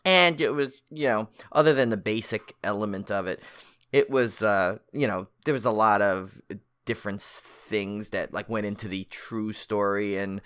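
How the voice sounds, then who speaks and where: A man's voice: lowish voice, moderate pace, fairly bright tone, smooth. A man co-hosting a horror film podcast, chatting casually and rambling with many fillers and restarts. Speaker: podcast co-host. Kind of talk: casual chat.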